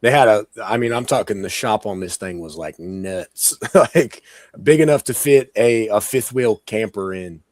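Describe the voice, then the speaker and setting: A man with a hoarse, sick voice, rambling casually as a co-host on a live-streamed talk show. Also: fairly low pitch, normal speed, a little mellow, dry recording, studio quality. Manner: rambling, chatty, many "like" fillers and laughs. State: hoarse, sick with sore throat. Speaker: podcast co-host.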